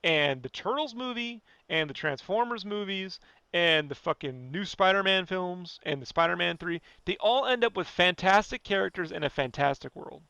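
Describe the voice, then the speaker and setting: A man with a high, bright voice rants on a podcast, animated and profane. He talks casually and keeps pushing his point. The sound is dry and close, with no room around it. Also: normal speed, creaky, clean tone, no echo, highs cut off. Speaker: podcast guest.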